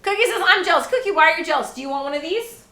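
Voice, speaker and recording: A woman's voice: extremely high pitch, expressive, rapid-fire, sharp tone. A woman in her thirties chatting casually with her stream while cooking at home, rambling and swearing freely. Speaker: live streamer and mother. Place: home kitchen. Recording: echoey room.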